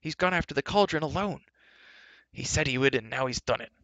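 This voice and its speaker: A man's voice: medium pitch, big pitch swings, brisk, creaky, a bit bright, dry recording, full character voice. A man reading aloud and voicing an earnest, caring young male hero.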